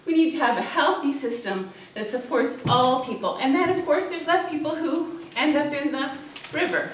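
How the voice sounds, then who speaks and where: A woman who is a social worker gives a public talk with slides, telling a story and acting out cries for help, with many fillers and pauses. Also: high-pitched, slight background noise. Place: church hall. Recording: echoey hall, distant mic.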